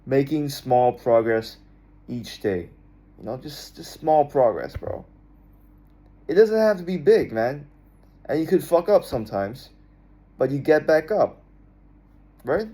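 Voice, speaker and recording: A man's voice: mid-range voice, sing-song, slow pace, long pauses, mellow. A young man talking to his viewers in a casual, laid-back monologue, often repeating himself and adding "man" and "bro". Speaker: vlogger.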